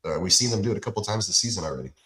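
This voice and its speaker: Male podcast host, deep voice, relaxed analyst, echoey room sound. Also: very fast. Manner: laid-back analysis, does plugs and shout-outs. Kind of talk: casual sports chat.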